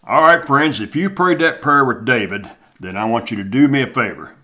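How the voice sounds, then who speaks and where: A man speaks as a host in a friendly, direct way, wrapping up the segment for listeners. Soft music plays quietly behind him. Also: mid-range voice, animated, normal speed. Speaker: radio show host. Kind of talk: closing announcement.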